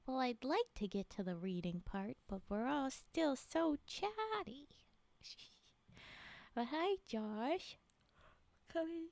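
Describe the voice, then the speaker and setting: A woman's voice: sits high, animated, takes it slowly, a little mellow, dry recording. A young woman streamer chatting with her live chat, giggling and sleepy, reacting in exasperated disbelief. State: yawning, sleepy. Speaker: streamer reading stories to chat.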